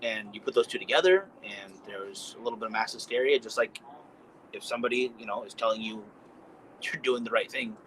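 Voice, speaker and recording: A man's voice: fairly low pitch, a little fast, a bit bright, rough recording. A man co-hosting a podcast, talking in a thoughtful, reflective way and explaining at length. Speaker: podcast co-host. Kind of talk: casual chat.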